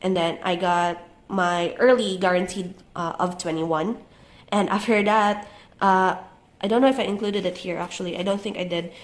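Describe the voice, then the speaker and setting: Stuffy-voiced young woman with a cold. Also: fairly low pitch. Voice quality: soft, relaxed voice-over with many "uh" pauses. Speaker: journaling YouTuber. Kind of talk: casual voice-over flip-through.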